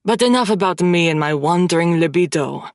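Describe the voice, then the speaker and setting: Sardonic young French stepbrother, read by a woman, lowered voice, dry booth sound. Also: lively intonation, fairly quick, dry recording. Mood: playful.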